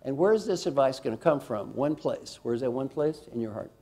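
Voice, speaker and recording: Mellow-voiced man giving a motivational talk. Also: medium pitch, slight background noise. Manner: energetic and emphatic, asks the audience questions; slows and drops softly for a guided reflection. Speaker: speaker giving a talk on coaching. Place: conference hall before a live audience.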